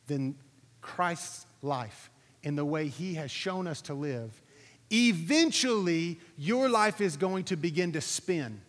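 Guy preaching in a big echoey hall, tells a story all animated then makes his point. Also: fairly high pitch. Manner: animated storytelling, acting out quotes, asking the audience. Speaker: pastor. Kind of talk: sermon with a personal story. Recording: reverberant hall recording.

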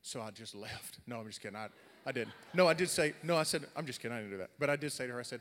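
Animated male preacher in a reverberant hall. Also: mid-range voice, rapid-fire, hardly any pauses. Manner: animated, swings from loud storytelling to quiet earnest talk. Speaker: pastor. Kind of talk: sermon storytelling.

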